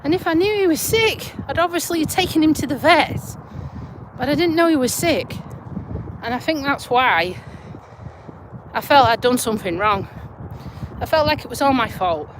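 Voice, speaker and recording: A woman's voice: high-pitched, animated, moderate pace, long pauses, noisy background. A woman chatting casually on a live stream while walking her dog outdoors, speaking into a handheld phone in a down-to-earth way with some swearing. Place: outdoors on an urban walk. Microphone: phone held in hand.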